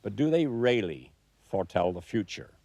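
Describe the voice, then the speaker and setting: Very deep-voiced man presenting a documentary. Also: expressive, moderate pace, noisy background. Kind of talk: documentary narration to camera.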